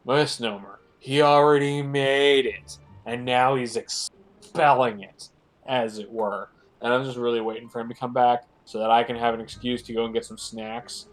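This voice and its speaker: A man with a stuffed-up nose chatting casually as a guest on a game stream, rambling and joking with lots of fillers. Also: medium pitch. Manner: rambling, filler-heavy, jokey.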